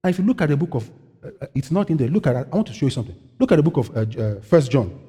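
Animated, husky-voiced male preacher. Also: fairly high pitch, very fast. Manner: animated preaching with call-and-response questions. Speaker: pastor. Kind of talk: sermon. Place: church. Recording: long hall reverb.

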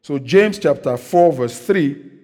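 High-voiced preacher man in a reverberant hall. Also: expressive, slow, dark tone. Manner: call-and-response preaching, frequent "praise the Lord". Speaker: pastor. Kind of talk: sermon.

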